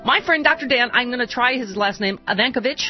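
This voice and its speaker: A woman's voice: fairly high pitch, expressive, fairly quick, lo-fi sound, soft background music. A woman hosting a radio talk show, chatty and emotional, laughing often. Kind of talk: casual radio chat.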